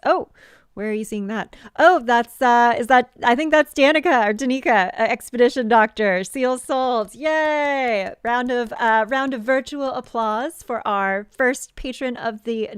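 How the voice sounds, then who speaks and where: A woman's voice: medium pitch, clean tone, dry recording, studio quality. A young adult woman casually presenting her handmade jewelry on a live sales stream, chatty and full of ums and likes. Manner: chatty, many ums and likes, gushing about pieces. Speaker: jewelry designer selling on a live show.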